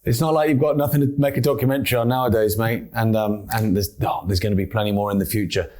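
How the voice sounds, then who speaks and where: A man hosting an interview, chatting casually in a halting way with many restarts and calling his guest "mate". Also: on the low side, steady tone, a little mellow. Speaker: show host.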